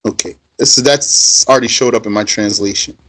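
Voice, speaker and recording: A man's voice: fairly low pitch, fairly quick, a bit bright, poor audio. A man teaching a religious text, reading Arabic passages aloud and then explaining them in conversational, emphatic English. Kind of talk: reading and translating a text line by line.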